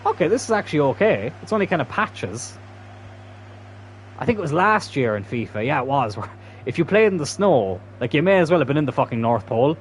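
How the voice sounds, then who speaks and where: A man's voice: fairly high pitch, big pitch swings, fairly quick, slight background noise. A man giving casual, chatty commentary while playing a football video game, swearing freely. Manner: chatty, swearing, bursts into loud laughter. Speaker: gaming YouTuber.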